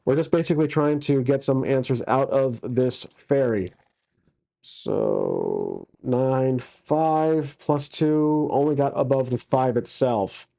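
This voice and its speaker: A man's voice: mid-range voice, lively intonation, slow pace, vocal fry, dark tone. A man casually narrating a solo tabletop game as its game master, with crude jokes and many fillers.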